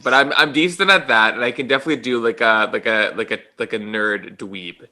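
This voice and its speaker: A young man co-hosting a podcast with a bright, forward, somewhat tense voice at a middle pitch. He is playful and jokey, and he laughs easily while chatting. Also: brisk. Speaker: podcast co-host. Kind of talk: casual chat.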